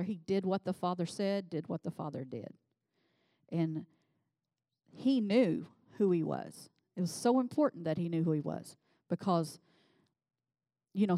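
A woman preaching a sermon in a conversational way, reading scripture and becoming animated as she voices the people in it. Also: on the low side, normal speed, dry recording. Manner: conversational, animated when voicing scripture figures.

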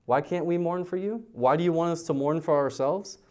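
A man's voice: on the high side, fairly quick, darkish tone, voice pushed up, natural voice. A man voicing a puzzled woman mourner who fires off baffled questions.

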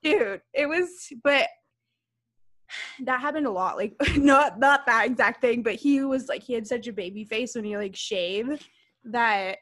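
A woman in her thirties tells a story on a casual podcast, animated and quick to laugh. Her voice sits a little high, and she swears freely. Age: 30s. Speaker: podcast co-host.

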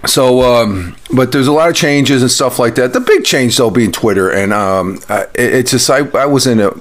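A man's voice: medium pitch, moderate pace. A man hosting a casual morning audio podcast from home, rambling with lots of fillers and restarts, and turning blunt and mocking when he vents. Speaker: podcast host.

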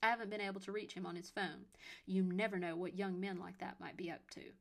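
A woman's voice: fairly low pitch, fairly even intonation, fairly quick, vocal fry. A woman reading the part of a complaining, disapproving older mother-in-law. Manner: scoffing, complaining.

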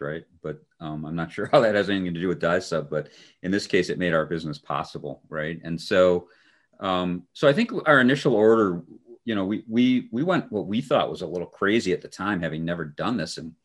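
Very deep-voiced man, dry sarcastic humor. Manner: dry, sarcastic humor, relaxed with frequent fillers. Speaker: podcast co-host. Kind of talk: casual conversational storytelling.

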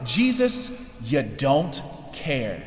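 A man voicing a harried, bitter woman host who accuses her guest, fretful and quick, in an echoey hall. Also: mid-range voice, wildly swooping pitch, full character voice. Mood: resentful. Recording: echoey hall with long reverb.

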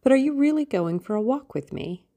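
A woman's voice: a little high, sing-song, a little fast, warm tone, pitched above the performer's own voice. A woman doing an eager, lovestruck young girl. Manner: breathless, pleading.

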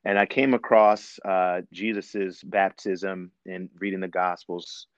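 A preacher describing a devotional practice in a reflective, unhurried way, with many fillers. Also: male voice, deep voice, little pitch movement, no room sound, highs cut off. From Ohio. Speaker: guest preacher. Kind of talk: phone-in devotional talk.

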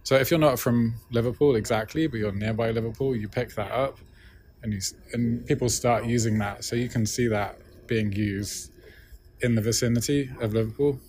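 A man's voice: mid-range voice, moderate pace, darkish tone, slight background noise. A man, a linguist being interviewed, explains a point casually with examples, often checking in with "right?". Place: busy conference venue.

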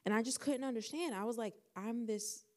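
A young woman co-hosting a podcast, telling a personal story in casual chat and acting out the dialogue with lively shifts. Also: a little high, fast talker. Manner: animated, acts out quoted dialogue. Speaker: podcast co-host.

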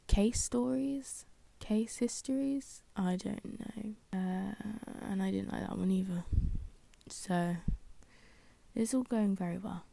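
A woman's voice: mid-range voice, gravelly, mellow, no echo. A young woman hosting a solo podcast, chatting casually and rambling with many fillers and self-deprecating asides. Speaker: podcast host.

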